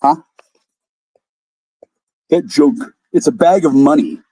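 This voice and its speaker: A man's voice: a little high, slow pace, warm tone, breathy edge. A man on a video call ranting angrily and combatively, swearing heavily as he fires back at questions. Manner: angry, combative, profane. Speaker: guest on a live call-in stream. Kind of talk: profane ranting.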